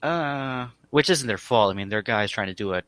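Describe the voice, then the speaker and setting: A young man co-hosting a casual podcast, chatting in a relaxed way with lots of fillers. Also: medium pitch, normal speed, no room sound. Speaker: podcast co-host.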